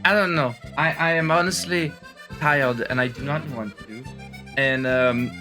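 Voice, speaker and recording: A man's voice: medium pitch, fairly even intonation, measured pace, music in the background. A young man doing comedic reaction commentary as a streamer in a put-on French accent that slips toward American, sounding tired and exaggerated, with stammering restarts and crude asides. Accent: put-on French accent, slipping toward American.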